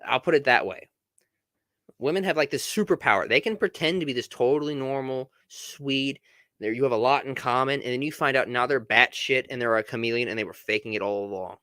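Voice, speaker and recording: A man's voice: mid-range voice, brisk, sharp tone, dry recording. A man giving reaction commentary in a blunt, casual way, stumbling over restarts. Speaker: commentary host.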